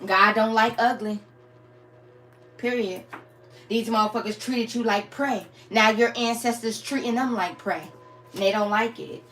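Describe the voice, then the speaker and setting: A woman's voice: fairly high pitch, measured pace, a bit bright, faint music behind. A woman giving a blunt, profane spiritual reading to her viewers, often breaking into laughter. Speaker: tarot reader.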